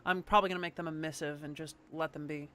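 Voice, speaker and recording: Woman streamer, casual rambling chat, crisp bright tone, faint music underneath. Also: sits low, steady tone, fast talker. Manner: chatty, rambling, casual swearing.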